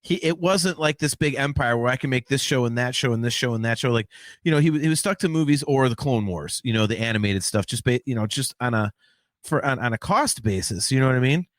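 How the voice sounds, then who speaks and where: A man's voice: mid-range voice, quick pace, dry recording. A man hosting a podcast in casual chat, rambling with many restarts and fillers. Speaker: podcast host.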